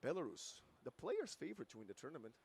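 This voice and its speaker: A male esports commentator calling a live match, excitable and rising to near-shouts at big plays, his voice going hoarse. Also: fairly high pitch, fast. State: losing his voice.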